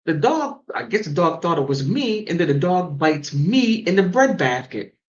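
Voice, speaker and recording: A woman from the mountains hosting a call-in show and telling stories in a casual, animated way. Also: moderate pace, dull audio. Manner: animated storytelling with big pitch swings. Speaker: host. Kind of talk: casual chat.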